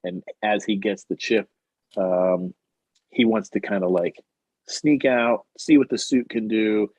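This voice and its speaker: A man's voice: fairly low pitch, a little slow, a little mellow, breathy edge, no echo. A man co-hosting a podcast, casually recapping a comic and acting out the characters' lines. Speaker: podcast co-host. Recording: dull, muffled audio.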